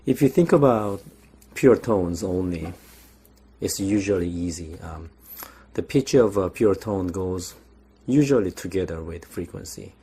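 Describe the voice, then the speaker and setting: A young man giving a recorded lecture, explaining slowly with frequent pauses and restarts. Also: deep voice, animated, mellow, a little hiss or hum.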